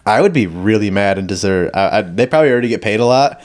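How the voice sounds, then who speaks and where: A man's voice: lowish voice, animated, quick pace. A man hosting a podcast, telling stories in a loose, profane, casual way. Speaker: podcast host. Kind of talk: casual chat.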